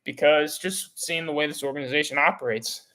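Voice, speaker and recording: A man's voice: on the high side, fairly even intonation, fairly quick, sharp tone. A fed-up young man rants like a diehard fan in a slightly raised voice. He stumbles over restarts and repeats himself, going back over each complaint. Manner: frustrated, repetitive, stammering restarts. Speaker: podcast host. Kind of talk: angry fan rant.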